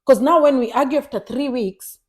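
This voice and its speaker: A young woman chatting on a podcast, animated, acting out others and mixing in Swahili. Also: sits high, fairly quick. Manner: animated, mimics others in raised voice, mixes Swahili into English. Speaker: podcast co-host. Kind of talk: casual chat.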